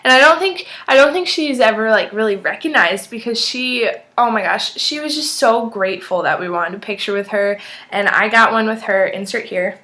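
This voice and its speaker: A nineteen-year-old woman tells a story to her camera in a slightly high voice. She talks in an excitable, chatty way, full of "like" and quoting what people said. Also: normal speed. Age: young adult. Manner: chatty, excitable, lots of "like" and acted-out quotes. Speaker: vlogger. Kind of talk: casual storytelling.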